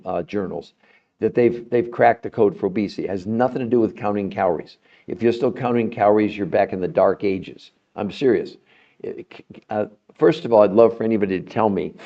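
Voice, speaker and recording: On a muffled recording, a middle-aged man with a lowish voice pitches health topics on his podcast. He talks right to viewers, pressing his case emphatically and building in animation as he continues.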